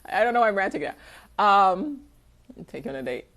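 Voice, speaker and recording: A woman's voice: medium pitch, very animated, brisk, fairly bright tone. A young woman chatting candidly on a livestream, answering viewers' questions in a rambling, loose way and swearing freely. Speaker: artist hosting a livestream. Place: home, livestream.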